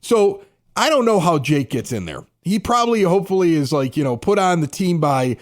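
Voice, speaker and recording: A man's voice: on the high side, sing-song, fairly quick. A man co-hosting a casual sports podcast, rambling with restarts and frequent laughter. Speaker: podcast co-host.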